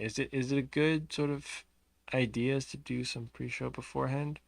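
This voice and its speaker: A man's voice: mid-range voice, moderate pace, gravelly, no echo. Sleepy, mumbling man streaming a game. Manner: drowsy, soft-spoken, trailing off and mumbling. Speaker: livestreamer. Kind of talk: casual live game stream chat.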